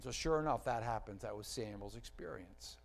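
A man preaching a sermon as a pastor, telling stories with lively emphasis, sometimes loud, sometimes dropping quiet and slow, asking the congregation questions. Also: medium pitch, vocal fry, poor audio. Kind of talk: sermon storytelling.

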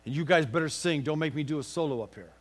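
A man's voice: fairly high pitch, fast talker. A male pastor preaching a sermon in a folksy, encouraging way, joking with the congregation and leading them in song.

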